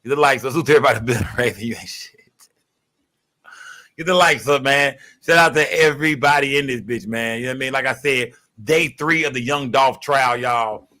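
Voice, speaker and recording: A young man hosting a casual livestream, rambling and profane, giving constant shout-outs to his viewers. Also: mid-range voice, fairly quick. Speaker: livestream host.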